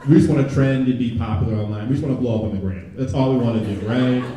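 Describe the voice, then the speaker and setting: A young man performing a stand-up comedy set, chatting with the crowd and jumping into loud mocking voices. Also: mid-range voice, racing. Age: young adult. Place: comedy club stage before a live audience. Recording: very echoey room, from a distance.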